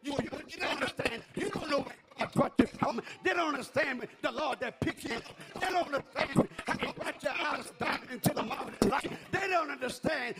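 A man preaching a fiery sermon in church, calling out to the congregation and shouting in rhythmic, call-and-response bursts. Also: very high voice, fairly quick, hardly any pauses.

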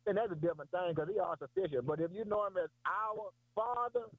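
A man preaches in a folksy, repetitive way, calling on a listener by name. His voice sits a little high. The sound is dry, close and tinny, like a phone line. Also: brisk, no echo. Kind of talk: sermon.

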